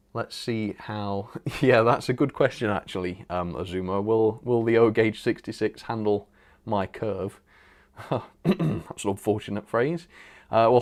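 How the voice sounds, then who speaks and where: A man hosts a live stream in a loose, rambling way, reading out viewer comments and chuckling as he goes. His voice sits a little on the low side. The talk is relaxed and off the cuff. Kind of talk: casual live stream chat.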